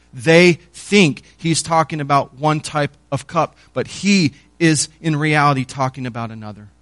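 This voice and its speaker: A man's voice: medium pitch, fairly bright tone, no room sound. A man preaching a sermon in an earnest teaching tone, rising in force when stirred.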